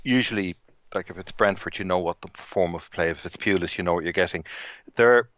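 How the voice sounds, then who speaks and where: A man's voice: low-pitched, brisk, a bit bright, dry recording, dull audio. A man co-hosting a podcast in casual football chat, rambling with many restarts. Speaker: podcast co-host.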